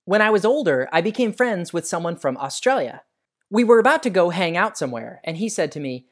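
An American man hosting a science lesson for kids, telling stories in a friendly, animated way. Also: sits high, a little fast. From United States. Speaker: educational show host.

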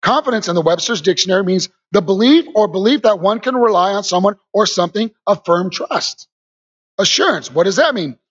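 High-pitched guy preaching hard, calls out to the congregation, kinda muffled recording. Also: brisk, breathy edge. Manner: energetic, call-and-response with congregation, rises to shouts. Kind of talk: lively sermon. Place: church.

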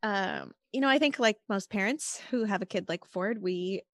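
A woman's voice: medium pitch, normal speed, no echo, clean studio sound. A woman guest on a podcast, a mother telling a personal story in a casual, earnest way, full of "like" and "you know". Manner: earnest, chatty, many "like" and "you know" fillers.

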